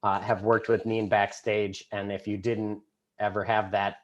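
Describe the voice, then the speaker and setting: A man facilitating an online gathering in casual hosting talk, quick to laugh. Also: fairly low pitch, level tone, dull audio. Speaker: evening's facilitator. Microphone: video call.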